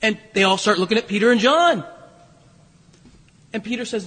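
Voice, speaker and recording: A man's voice: high-pitched, expressive, moderate pace, a bit bright, slightly rough, in a large hall. A man preaching a sermon as pastor in a church, telling the story conversationally with humor and plenty of restarts. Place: church sanctuary.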